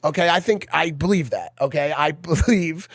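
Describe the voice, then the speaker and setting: A man's voice: a little high, normal speed, dry recording, clean studio sound. A young man co-hosting a podcast, talking in casual banter and telling stories with plenty of emphasis. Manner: animated, emphatic storytelling. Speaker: podcast co-host.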